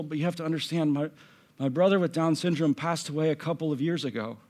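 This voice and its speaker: Male pastor preaching, fairly high voice, impassioned, drops from loud to hushed. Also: moderate pace, long pauses. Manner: impassioned, swings from loud emphasis to hushed near-whisper. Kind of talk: sermon. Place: church stage.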